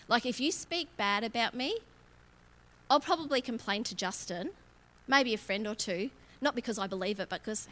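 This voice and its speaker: A woman delivers a conversational church sermon in a bright, fairly high voice. She is candid and self-mocking and breaks into laughter often. Her tone moves between easy chat and earnest testimony. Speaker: preacher. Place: church auditorium.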